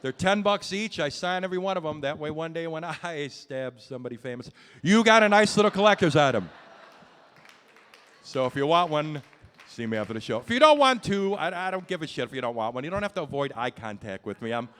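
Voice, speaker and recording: A man's voice: on the high side, lively intonation, brisk, a bit bright, clean tone. A man doing a stand-up comedy set on a club stage, brash and self-mocking, swearing through his punchlines.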